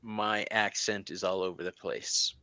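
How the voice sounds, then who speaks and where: A man's voice: lowish voice, fairly even intonation, a little slow, sharp tone, smooth, no echo, studio quality. A middle-aged man hosting a tarot reading, chatting playfully and teasing his guest. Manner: playful, laughs often, teasing. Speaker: tarot reader and host. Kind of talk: casual chat during a tarot reading.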